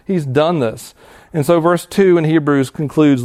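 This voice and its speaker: A man's voice: fairly high pitch, darkish tone. A male pastor giving an earnest, conversational sermon to students, reading scripture and explaining it. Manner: earnest, conversational preaching with restarts and quick laughs.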